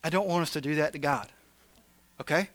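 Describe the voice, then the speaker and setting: A high-pitched man delivers a casual sermon, his voice sharp and bright. He shifts between playful, animated asides and earnest confession to the people listening. The sound is dry and close. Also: fairly quick, no room sound. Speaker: pastor. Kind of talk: conversational sermon.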